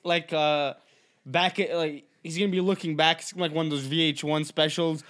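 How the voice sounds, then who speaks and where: A man's voice: fairly high pitch, steady tone, normal speed, a bit bright. A young man co-hosting a podcast in casual chat, rambling and riffing with laughs and swearing. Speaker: podcast co-host.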